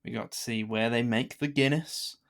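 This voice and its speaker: A man co-hosting a film podcast, relaxed and self-mocking as he tells stories. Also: mid-range voice, moderate pace. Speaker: podcast co-host. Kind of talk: casual chat.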